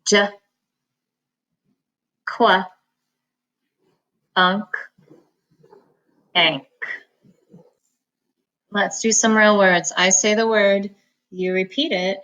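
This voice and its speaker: A woman teaching a reading lesson, slowly sounding out words and syllables and pausing for the listener to repeat them. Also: on the low side, fairly bright tone. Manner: slow, patient enunciation of words and syllables; repeats each word for the listener to echo. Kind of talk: phonics lesson, slow and clear.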